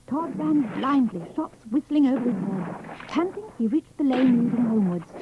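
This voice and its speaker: A woman narrating a children's storybook in a measured, expressive reading. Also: fairly high pitch, lo-fi sound, a little hiss or hum.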